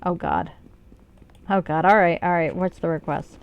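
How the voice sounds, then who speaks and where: A woman's voice: fairly low pitch, normal speed, gravelly, smooth, dull audio. A woman streaming a game, chatting casually and rambling, swearing freely and joking about herself. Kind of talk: casual live-stream commentary.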